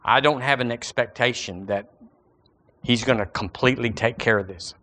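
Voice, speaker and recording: A man preaching a sermon in a folksy, animated way, full of everyday analogies. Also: medium pitch, moderate pace.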